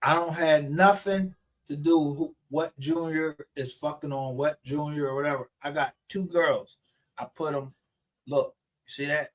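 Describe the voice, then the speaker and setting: A man's voice: a little high, steady tone, measured pace. A man ranting aggressively on a livestream, confrontational and full of profanity. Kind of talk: angry livestream rant.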